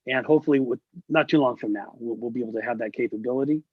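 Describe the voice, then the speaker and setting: A middle-aged man, a guest musician on a casual video-call interview, tells stories very fast in a medium-pitched voice with a breathy edge, acting out the voices of the people he quotes. The recording is dry, with dull lo-fi video call audio.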